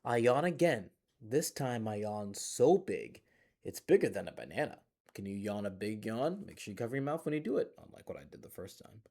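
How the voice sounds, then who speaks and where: Man, children's storytime reader, gentle and playful, mellow tone, lively swooping pitch. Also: brisk. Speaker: children's librarian. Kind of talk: reading a picture book aloud to children. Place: closed public library. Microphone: phone.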